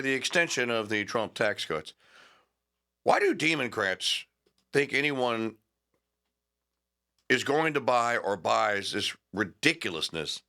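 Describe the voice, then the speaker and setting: A man's voice: medium pitch, vocal fry, bright, forceful tone. A man hosting a talk show, reading news aloud with sarcastic, rambling asides and stalling with fillers while he hunts for names. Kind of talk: opinionated talk radio monologue.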